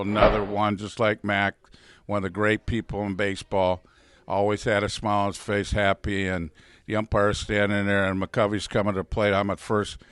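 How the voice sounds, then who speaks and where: An older man, a former ballplayer, telling an animated anecdote at a live question-and-answer event and acting out the voices of the people in it. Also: on the low side, no room sound. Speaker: former ballplayer, guest speaker. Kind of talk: storytelling at a live Q&A.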